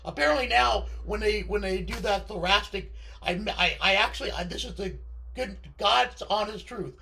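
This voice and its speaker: A man's voice: high voice, normal speed, creaky, pushed and bright. A middle-aged man with a scratchy voice, vlogging from home in a rambling, digressive monologue that keeps stammering and interrupting itself.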